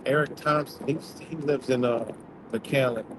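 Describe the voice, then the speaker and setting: A man's voice: mid-range voice, fairly even intonation, a little slow. Profane man ranting over road noise. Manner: blunt, profane, rambling storytelling. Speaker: livestream host. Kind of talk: casual rant.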